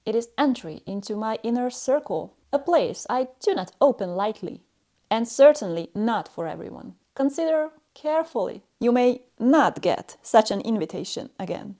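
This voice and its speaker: A woman's voice: on the high side, lively intonation, dark tone. Stern, condescending woman teacher. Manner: slow, clipped delivery with pauses between short phrases. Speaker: language teacher. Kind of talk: scripted lesson narration.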